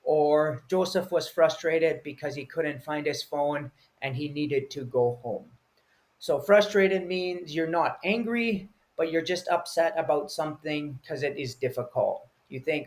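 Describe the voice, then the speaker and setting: A man's voice: on the high side, measured pace. A man teaching English vocabulary, explaining each word patiently and acting out short example feelings.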